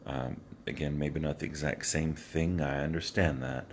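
A man vlogging to his camera in the morning with a scratchy, unwarmed voice, talking earnestly and haltingly, full of fillers and restarts. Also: extremely low pitch, fairly even intonation. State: morning voice before tea or water. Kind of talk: rambling motivational vlog to camera. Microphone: phone camera held close to the face.

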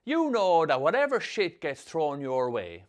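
A man's voice: on the high side, wildly swooping pitch, measured pace, pitched above the performer's own voice. A man doing a cocky young Irish runner. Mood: boastful. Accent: Irish, Sligo. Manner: boastful, preachy.

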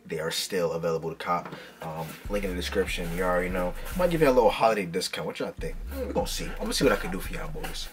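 A man talking casually and excitedly as he unboxes fitted hats for his vlog, full of slang. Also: low-pitched, racing, few pauses. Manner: excited slangy hype talk. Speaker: hat vlogger.

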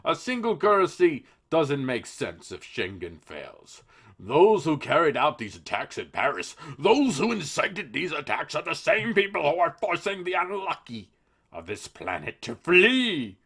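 A man voicing a silly, high-pitched, pompous male European politician in a mocking, overblown way. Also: big pitch swings, a little slow, a bit bright, slightly rough, full character voice. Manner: squeaky, overblown, mocking delivery.

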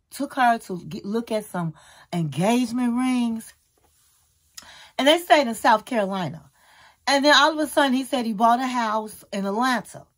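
Woman channel host, casual to-camera chat, pitched a bit high, lively gossipy storyteller. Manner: chatty, animated storytelling with sudden pitch jumps.

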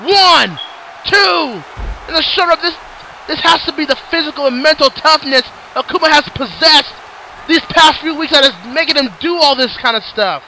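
A man doing play-by-play commentary for a wrestling match, shouting and swearing in excitement. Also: extremely high pitch, moderate pace, a little hiss or hum, low-quality recording.

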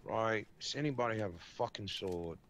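A man's voice: lowish voice, normal speed, a bit bright. A man in casual gaming chat, brash and profane, trash-talking while he plays.

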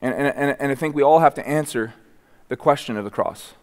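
A male pastor delivers a sermon in an earnest, searching way, doubling back on his words as he builds a thought. His voice sits at an ordinary middle pitch, and a long reverb carries it through the church hall. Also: brisk. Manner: earnest, repeats and restarts words. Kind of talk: sermon with scripture reading. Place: church sanctuary.

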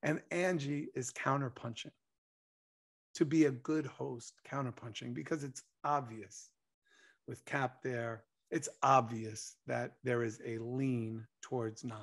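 A man, telling an animated story as an interview guest and acting out quotes. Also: mid-range voice, a little slow. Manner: excitable, acts out quotes, laughs.

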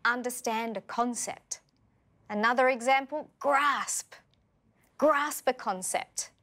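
A woman's voice: a little high, slow pace, sharp tone, slight background noise. Patient Australian woman teaching vocabulary. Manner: clear, patient, asks learners questions. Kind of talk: scripted vocabulary lesson.

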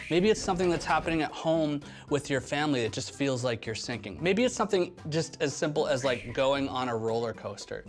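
A man teaching a casual Bible lesson for teens as a youth pastor, chatty, with filler words. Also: mid-range voice.

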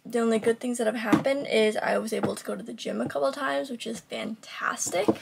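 A young woman talking candidly to the camera in a casual vlog, low and short of breath, often dropping to a soft near-whisper. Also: a little fast, vocal fry, heavy background noise. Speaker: vlogger.

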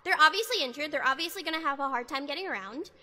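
A woman's voice: high-pitched, expressive, racing, bright, forceful tone. A woman streamer chatting casually, swearing a lot as she rants heatedly. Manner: profane, heated ranting. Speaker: VTuber streamer.

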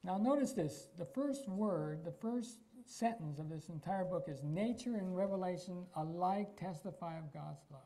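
A man's voice: high voice, moderate pace, hardly any pauses, dark tone, low-quality recording. A man from Iowa preaching a sermon as pastor, emphatic and asking his congregation questions. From Iowa, United States.

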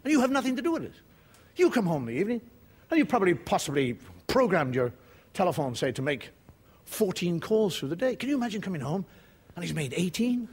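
A man's voice: high-pitched, sing-song, quick pace, slightly rough. Man, comedy host, stand-up monologue, wry, mock-indignant, swears. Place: TV studio before a live audience.

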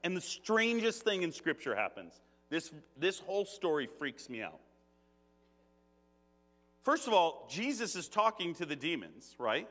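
A man preaching a conversational sermon in a church, joking, animated and laughing often. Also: fairly high pitch, a little slow. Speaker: guest preacher. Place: church sanctuary. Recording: long reverb of a church hall.

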